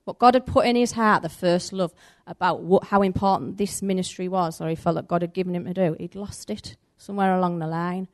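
Woman preacher, conversational church talk that slips into acting out the people in her story. Medium pitch, lively and chatty. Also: brisk, few pauses. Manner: animated, conversational, acts out the story's voices. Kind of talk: sermon with storytelling.

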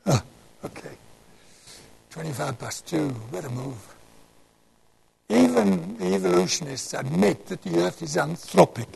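A man's voice: high voice, gravelly, slightly rough, poor audio. A man, giving a rambling sermon talk and asking the audience questions as he digresses. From North East England. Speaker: Christian speaker.

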